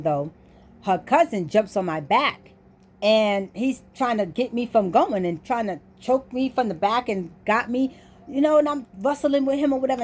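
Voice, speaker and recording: A woman vlogger chats straight to her viewers, recounting a story in a loose, easy way. She jumps into lively little voices for each person she quotes. Her voice sits at a middling pitch for a woman. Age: adult. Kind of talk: casual storytelling.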